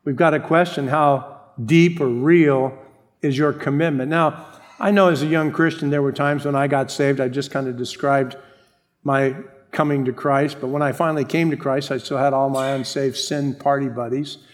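A middle-aged man preaching a sermon as pastor, animated, acting out the people he quotes. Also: medium pitch, normal speed.

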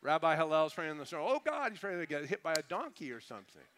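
A man's voice: a little high, fast talker, fairly bright tone, slight background noise. A man preaching a sermon in a conversational, humorous way, mocking pompous prayer voices before turning earnest. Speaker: pastor.

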